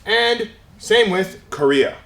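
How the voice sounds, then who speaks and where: A man teaching English pronunciation, native speaker, demonstrating words slowly and with clear, exaggerated stress. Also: high voice, expressive, a bit bright, reverberant. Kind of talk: pronunciation lesson.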